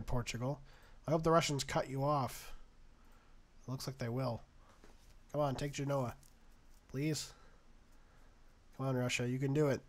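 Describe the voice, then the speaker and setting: Young male gaming host, mid-pitched, dry sarcastic play-by-play with exasperated outbursts. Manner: exasperated, sarcastic, talks to the game's nations. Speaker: gaming YouTuber. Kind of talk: casual let's-play commentary.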